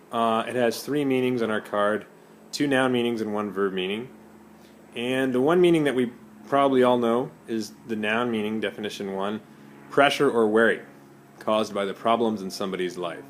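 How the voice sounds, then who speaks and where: Man teaching a vocabulary lesson. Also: on the low side. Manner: explains slowly with many ums and Spanish glosses. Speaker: English teacher.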